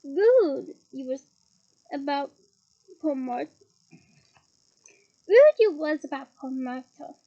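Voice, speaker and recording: A woman's voice: very high voice, very animated, normal speed, few pauses, mellow. A woman with a Scottish accent voicing a mischievous male poltergeist who taunts slyly. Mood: taunting. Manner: sly and taunting. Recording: dull lo-fi recording.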